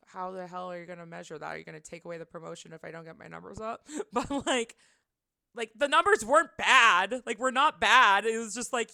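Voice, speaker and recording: Bright-voiced young woman telling a story. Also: mid-range voice, vocal fry, no room sound, clean studio sound. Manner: chatty, rambling, lots of "like" fillers. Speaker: livestreamer. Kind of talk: casual storytelling chat.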